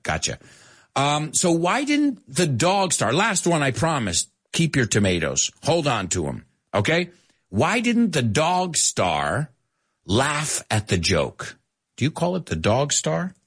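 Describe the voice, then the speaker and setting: A man teaching English on a live stream, playful and animated, often laughing at his own jokes. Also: medium pitch, slightly rough. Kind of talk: casual live-stream language lesson.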